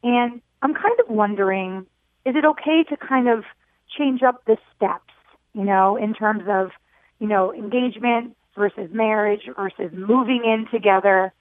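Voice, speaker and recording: A woman's voice: medium pitch, normal speed, dry recording. A woman around forty calling a radio show, earnest and hesitant, heard over a phone line. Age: late 30s to early 40s. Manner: earnest, hesitant, full of "you know". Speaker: caller. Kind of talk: phone-in question.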